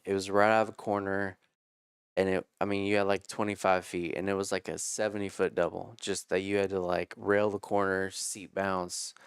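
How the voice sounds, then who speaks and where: Man, 30s, low smooth voice, dry close sound; casual storyteller who curses and acts out quotes. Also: dry recording. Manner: animated, swears freely, acts out quotes. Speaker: podcast guest telling racing stories.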